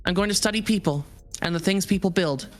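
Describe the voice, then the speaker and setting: A woman's voice: medium pitch, fast, faint music behind, lightly acted. A woman voicing a naive, curious otherworldly being in a live visual novel reading, earnest and formal. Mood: resolved. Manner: earnest, formal and a little hesitant.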